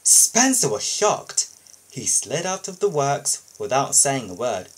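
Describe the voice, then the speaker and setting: A man reads a children's storybook aloud, expressive and sing-song. His pitch swings widely. His voice has a husky, breathy texture. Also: slow, low-quality recording. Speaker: storybook reader.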